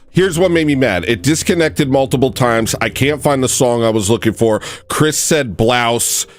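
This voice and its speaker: A young man hosting a comedic livestream, rambling and self-mocking, dropping to low mutters and jumping up to loud yells. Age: young adult. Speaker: livestream host.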